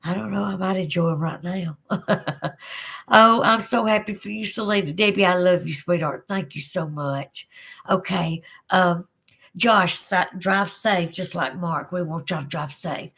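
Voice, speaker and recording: A woman's voice: on the low side, a little slow, gravelly, slightly rough. Chatty Southern woman hosting a livestream. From Southern United States. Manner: chatty, giggly, drawling, warm-hearted with viewers. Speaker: livestream host. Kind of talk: casual livestream chat reading comments.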